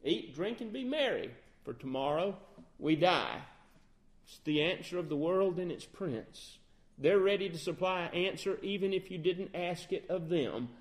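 A man's voice: sits high, expressive, moderate pace. A man preaching a sermon, quoting scripture and building in force as he goes. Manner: earnest preaching that rises in force toward the close, with many scripture quotes.

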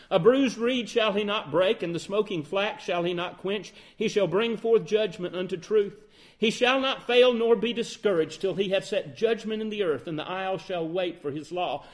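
Preaching to a congregation, this man raises questions and then answers them. His delivery swings between forceful, loud outbursts and hushed, low phrases.

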